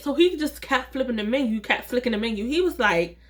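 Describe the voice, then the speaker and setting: A woman telling a personal story in a casual vlog, chatty and animated, acting out the dialogue and talking straight to her viewers. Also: high-pitched, fast talker. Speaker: vlogger, storyteller.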